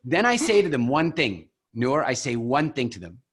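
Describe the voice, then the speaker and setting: A man leads a coaching call over a video link, speaking at a mid pitch. He talks in an animated, expressive way, acting out examples as he tells stories. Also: moderate pace, breathy edge. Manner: animated, expressive storyteller who acts out examples. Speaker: program founder coaching coaches.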